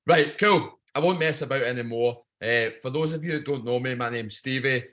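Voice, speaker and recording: A man's voice: mid-range voice, moderate pace, fairly bright tone. Brash, swearing Scottish man. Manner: blunt, swearing, jokey. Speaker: guest speaker on a training call. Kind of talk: video call pep talk. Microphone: video call.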